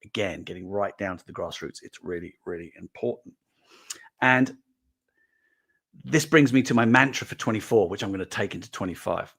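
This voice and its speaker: Host role for a chatty man, lowish voice, animated storyteller. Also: moderate pace, creaky, husky. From England. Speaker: toy collecting show host. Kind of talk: casual monologue to camera.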